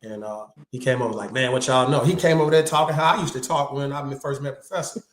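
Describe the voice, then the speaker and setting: Slangy, animated storytelling man. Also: mid-range voice, fast talker, reverberant, a little hiss or hum. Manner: animated anecdotes, slangy, acts out quoted voices. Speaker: guest, martial artist. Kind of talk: casual storytelling chat.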